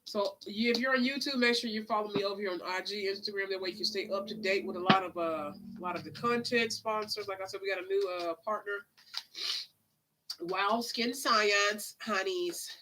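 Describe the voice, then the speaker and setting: A woman's voice: medium pitch, fairly even intonation, fast talker, few pauses, noisy background. A woman giving a casual live tarot reading, chatty and drawling, sniffling now and then. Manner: chatty, drawling, calls listeners honey and child. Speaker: tarot reader.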